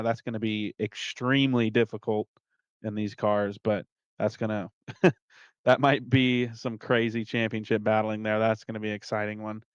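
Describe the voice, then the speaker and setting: Male league organizer, smooth voice on a dull lo-fi mic, dry sound, casual and profane. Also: mid-range voice, no room sound. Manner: relaxed, swears, laughs often. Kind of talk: casual chat.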